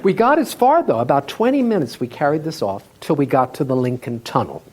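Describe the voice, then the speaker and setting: A man telling a humorous story on stage as a live storytelling performance, in an animated way with laughs in his voice. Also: a little high, brisk, a crowd in the background. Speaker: storyteller, tour guide. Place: festival stage before an audience.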